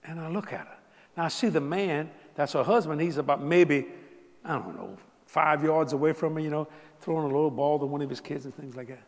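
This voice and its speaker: A man preaching a sermon as a story, animated, swinging from soft asides to loud bursts. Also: fairly high pitch, fairly quick. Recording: long hall reverb.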